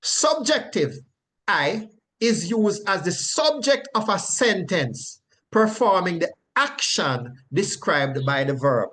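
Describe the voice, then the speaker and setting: A man leading a Bible lesson in a fairly high, very lively voice that swoops up and down as he stresses each point. He repeats himself for emphasis, checks in with his listeners again and again, and chuckles now and then as he explains. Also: slow. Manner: chuckles often while explaining. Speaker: Bible teacher. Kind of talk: Bible study teaching.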